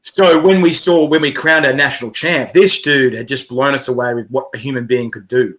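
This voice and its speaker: A man organizing a chili eating competition, chatting excitedly in an interview, laughing and swearing casually. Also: mid-range voice, fairly quick. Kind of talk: animated interview chat.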